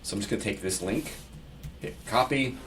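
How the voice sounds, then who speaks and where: A man from Pittsburgh talks through a screen-share tutorial in a low, easygoing voice, thinking aloud and reading template text aloud as he goes. The mic sits a little far from him. A faint background hiss runs under the speech. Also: moderate pace, a bit bright. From Pittsburgh, United States. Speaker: real estate agent giving a software tutorial. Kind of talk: casual screen-share walkthrough. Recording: slightly distant mic with faint background noise.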